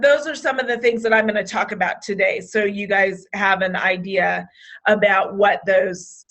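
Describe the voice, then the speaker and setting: A woman's voice: on the high side, fairly bright tone. A woman presenting a staff training session, restarting phrases often, with hiccups now and then. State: has hiccups. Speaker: state program trainer.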